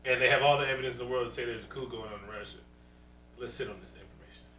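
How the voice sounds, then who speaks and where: A man co-hosting a podcast in casual chat, animated and profane, cracking jokes, recorded in a roomy space from a distant mic with a faint hum. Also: mid-range voice, racing. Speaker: podcast co-host.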